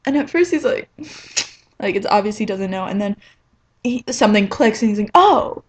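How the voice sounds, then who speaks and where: A woman's voice: medium pitch, fairly quick, a little mellow, slight background noise. A young woman telling a rambling, self-mocking story in a casual vlog, filling it with "like.". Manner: chatty and rambling, heavy on "like". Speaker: vlogger.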